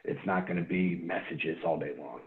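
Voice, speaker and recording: A man's voice: low-pitched, moderate pace. A man talking earnestly as a guest in a casual interview. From Ohio. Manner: earnest, animated when acting out phone calls. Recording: tinny phone-like line.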